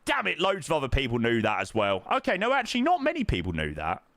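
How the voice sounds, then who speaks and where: An excitable man talking to his stream chat while he plays. His pitch jumps all over the place, from low mutters to high yelps when things go wrong. He sits in the middle of the male range. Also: quick pace, dry recording. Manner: excitable, swings between muttering and loud outbursts. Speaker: live streamer. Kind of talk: casual live-stream chat while playing.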